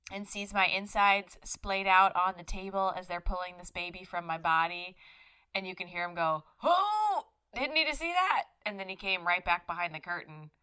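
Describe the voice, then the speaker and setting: Bright, easygoing woman co-host. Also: medium pitch, clean tone. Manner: easygoing listener, laughs often, short replies. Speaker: podcast co-host. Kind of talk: casual chat.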